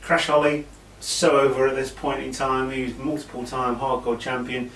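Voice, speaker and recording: A man's voice: medium pitch, little pitch movement, moderate pace, fairly bright tone. A British man casually recapping an old wrestling event, rambling with asides and fillers. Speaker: wrestling show reviewer. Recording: echoey room, mic at a distance, faint hiss.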